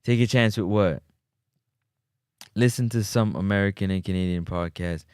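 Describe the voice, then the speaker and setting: A sports talk show host runs a casual livestream, animated and bantering with his live chat. His voice is on the low side at normal speed, with a clean tone. The studio-quality recording has no room sound.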